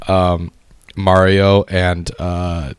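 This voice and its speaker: Male podcast co-host, lowish voice, slow halting delivery. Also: level tone, clear, resonant tone, dry recording. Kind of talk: casual chat.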